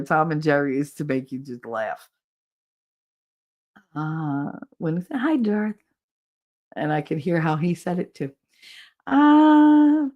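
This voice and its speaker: A chatty woman from Hoboken, New Jersey, with a lowish voice, hosts a livestream podcast where she casually reads and reacts to viewer comments. She's an animated storyteller who laughs often and acts out quotes.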